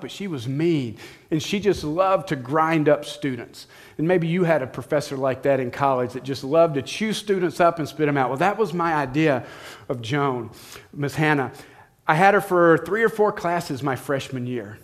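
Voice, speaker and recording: A middle-aged man preaching a sermon, telling a personal story in a conversational way and speaking directly to his listeners. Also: on the high side. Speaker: pastor.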